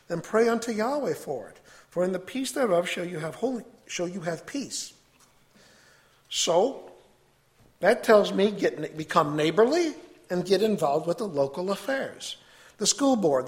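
A man giving an earnest, measured sermon to a congregation and reading scripture aloud. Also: high voice. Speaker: preacher.

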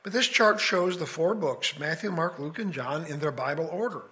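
A man with a fairly high voice gives a relaxed Bible study lecture. He talks in a conversational way and lays out his reasoning one step at a time. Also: normal speed. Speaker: Bible teacher. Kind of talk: casual scripture study lecture.

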